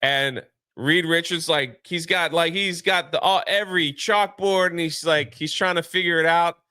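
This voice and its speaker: A man's voice: a little high, moderate pace, clear, resonant tone, no echo. A man co-hosting a casual movie review, retelling scenes animatedly and acting out the characters' lines. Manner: animated retelling with quoted voices. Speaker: podcast co-host.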